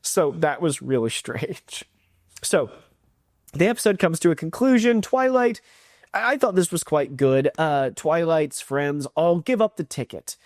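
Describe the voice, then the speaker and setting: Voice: mid-range voice, sing-song, unhurried, a little mellow, dry recording, clean studio sound. A reviewer in a casual video review who talks enthusiastically, rambles and acts out quotes.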